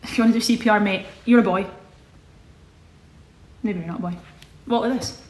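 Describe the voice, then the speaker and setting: Scottish-born girl in her twenties rambling on a livestream, roomy echo, mid pitch. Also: fairly quick, slight background noise. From Scotland. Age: 20s. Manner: chatty, rambling, self-correcting. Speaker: livestream host. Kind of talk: casual livestream chat reading comments. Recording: echoey room.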